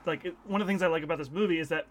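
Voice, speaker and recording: A man weighs his opinions on a film in a casual podcast chat. He hedges and restarts as he thinks. His voice sits fairly high for a man. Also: very fast, slight background noise. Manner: thoughtful, hedging with restarts.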